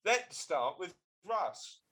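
Male podcast host, casual and playful, lively animated delivery. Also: high voice, drawn-out words, husky, low-quality recording. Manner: playful, teasing, laughs often. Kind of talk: casual chat.

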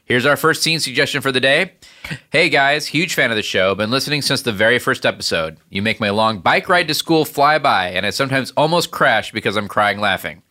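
Bright-voiced male podcast host. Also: mid-range voice, animated, a little fast. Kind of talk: reading listener emails and scene premises.

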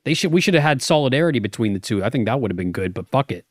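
A man's voice: mid-range voice, big pitch swings, racing, no echo, clean studio sound. A man co-hosting a podcast, teasing his partner in profane, mock-serious banter. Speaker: podcast co-host.

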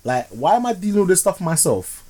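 A man's voice: high voice, very animated, fairly quick, mellow. Slangy man chatting films. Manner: slangy, rambling storyteller. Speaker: podcast host. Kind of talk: casual film review chat.

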